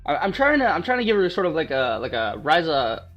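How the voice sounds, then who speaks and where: A man's voice: fairly high pitch, sing-song, fairly quick, highs cut off, faint music behind. A man hosting a gaming channel, giving playful, joking let's play commentary to his viewers.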